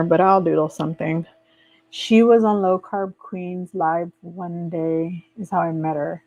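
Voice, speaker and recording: A woman hosts a casual live stream, chatting lazily as she crafts and reads viewer comments aloud, relaxed and trailing off with fillers. Her voice is fairly low, her pace measured, with faint music behind her. The stream audio is dull and lo-fi.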